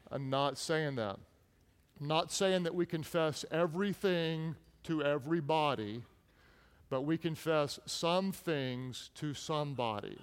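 A man's voice: a little high, a little slow, clean tone. Earnest male pastor in a reverberant hall. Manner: earnest, personal storytelling with frequent restarts. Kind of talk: sermon. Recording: long reverb in a large hall.

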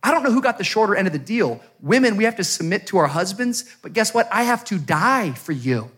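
A male pastor giving a sermon to a congregation in church, mixing jokey storytelling with loud, rising preaching. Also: sits high, breathy edge. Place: church sanctuary before a congregation.

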